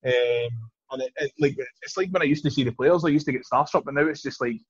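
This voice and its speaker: Fast-talking husky Glaswegian man. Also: mid-range voice, no room sound. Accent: Glaswegian Scottish. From East End of Glasgow, Scotland. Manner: lively storyteller, quick and chatty with frequent restarts. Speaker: guest, Olympic hammer thrower. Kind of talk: casual podcast chat. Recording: dull, lo-fi podcast recording.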